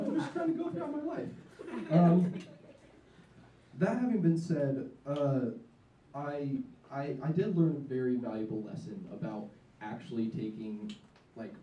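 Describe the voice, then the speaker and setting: A young man performing stand-up, rambling and self-mocking, his talk full of ums and restarts. His voice is very dark and mellow, at a middle pitch. It is recorded from a distance in an echoey diner, with faint noise behind him. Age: young adult. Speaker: stand-up comedian. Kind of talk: live stand-up set. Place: diner in front of an audience. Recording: echoey room, mic from afar, faint noise.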